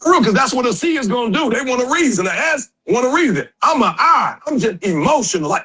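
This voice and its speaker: Husky high-voiced man preaching to a crowd. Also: sing-song, fast talker, few pauses, rough recording. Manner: emphatic and conversational, with slang and rising shouted exhortations. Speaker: motivational speaker. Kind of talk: motivational speech to a live audience.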